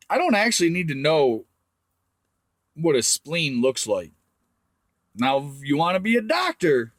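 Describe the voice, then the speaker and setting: Profane ranting man, lively voice. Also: on the high side, no echo. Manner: crude, ranting, heavy swearing. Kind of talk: profane rant to camera.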